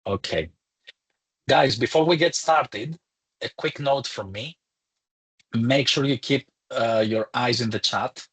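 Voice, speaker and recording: A man's voice: medium pitch, slow, pauses often, fairly bright tone, husky. A man, a lecturer, hosting a live online webinar in a chatty, welcoming way with some fillers, speaking into a computer mic.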